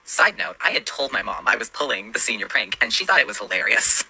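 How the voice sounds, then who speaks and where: Young man, storyteller, sarcastic and profane, quick delivery, very bright tone. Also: medium pitch, big pitch swings, gravelly, rough recording. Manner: sarcastic, swears a lot. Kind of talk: casual storytime narration.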